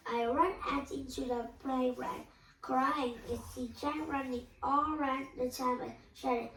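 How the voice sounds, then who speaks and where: High-voiced woman reading a story slowly. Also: fairly even intonation, a bit bright. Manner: slow, emotional storytelling. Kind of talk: first-person story reading. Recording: echoey room, voice from a distance.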